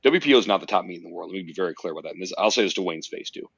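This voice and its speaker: A man's voice: low-pitched, lively intonation, rapid-fire, gravelly, fairly bright tone, husky, no room sound. A man guesting on a podcast, telling a personal story with blunt, emphatic, profanity-laced conviction. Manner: emphatic, swears often, tells stories intensely. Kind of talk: casual podcast conversation. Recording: dry, slightly muffled podcast audio.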